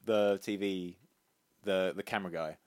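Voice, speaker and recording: A man's voice: deep voice, steady tone, moderate pace, a little mellow, clear, resonant tone. A man and podcast co-host in casual chat about a cartoon, hesitant, with many ums and dry quips.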